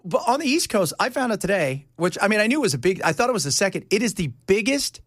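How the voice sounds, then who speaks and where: A man's voice: sits high, sing-song, quick pace, fairly bright tone, no room sound. A man hosting a talk radio show, chatting casually in the studio, rambling and laughing often.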